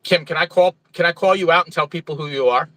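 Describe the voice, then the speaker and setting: A man's voice: on the high side, quick pace, a bit bright, no echo, rough recording. A man from New Jersey with a New Jersey accent, a truck driver chatting casually on a livestream, reading viewer comments and greeting viewers by name from a truck stop.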